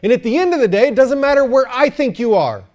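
A man preaching a sermon to his church, animated and joking, often asking the crowd for an amen. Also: extremely high pitch, quick pace. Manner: animated, joking, calls for amens. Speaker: pastor.

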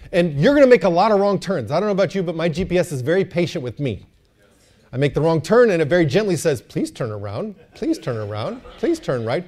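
Lively male pastor, higher voice, joking preaching style. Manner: animated, joking, calls for amens. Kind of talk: sermon.

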